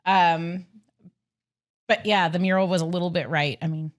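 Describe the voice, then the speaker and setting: A woman co-hosting a podcast, making dry, deadpan quips. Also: lowish voice, normal speed. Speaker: podcast co-host. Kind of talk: casual chat.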